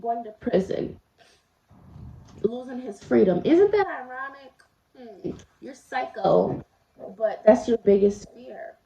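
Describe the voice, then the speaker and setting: Eating as she talks, a woman vlogger shares a personal story with her viewers in a chatty, confiding tone, addressing them directly. Her voice is on the high side with lively intonation, vocal fry, and a slow pace, while crowd noise fills the roomy, slightly dull home recording.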